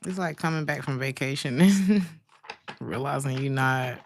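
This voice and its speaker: A woman's voice: extremely low pitch, normal speed, slight background noise. A woman giving a casual tarot reading, chatting with her viewers in loose, slangy speech and laughing often. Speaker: tarot reader.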